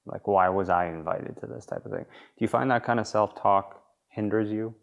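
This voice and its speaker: A male podcast host with a deep, gravelly voice. He asks gentle, probing questions and answers with short affirmations. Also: normal speed, muffled recording. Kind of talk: interview questions.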